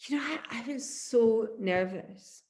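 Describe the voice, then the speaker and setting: Scottish woman, 50s, musician interviewee, animated storyteller, laughs a lot, slightly higher voice. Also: a little slow. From Glasgow, Scotland. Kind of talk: oral history interview.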